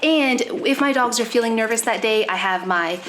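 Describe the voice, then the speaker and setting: A woman's voice: fairly high pitch, normal speed, a bit bright, a little hiss or hum. A young woman vlogging at home, casually explaining her dogs' morning care as she works, now and then cooing at her pets. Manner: chatty, explains as she works, baby-talks her dogs. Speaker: pet vlogger. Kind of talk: casual vlog talk while doing chores. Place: home with dogs.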